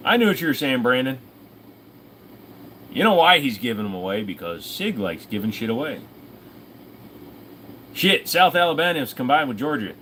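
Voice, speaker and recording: A man's voice: mid-range voice, big pitch swings, normal speed, pauses often, a bit bright, a little hiss or hum. Rambling Southern-accented man, livestream chat. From Virginia, US. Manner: rambling, profane, self-mocking. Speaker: host of a firearms livestream.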